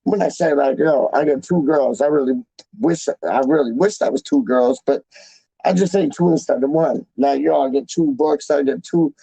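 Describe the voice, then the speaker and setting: A man's voice: a little high, normal speed, vocal fry, warm tone, breathy edge, no room sound, rough recording. A man hosting a casual livestream, rambling in slang and repeating himself as he talks to his live chat. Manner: slangy and repetitive, calls people "dog" and "man". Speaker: fan channel livestream host.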